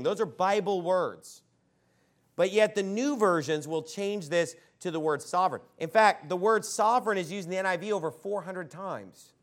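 A man preaching a fiery sermon as a pastor in a church, breaking into sudden shouts. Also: sits high.

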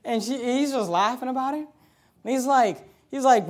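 A man with a strikingly high voice for a male speaker preaches to his congregation. He exhorts his listeners, pushing hard on key points and then dropping into quiet, conversational asides. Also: big pitch swings, fairly quick. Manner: exhorting preacher, swings between loud emphasis and quiet asides. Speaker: pastor. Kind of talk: sermon.

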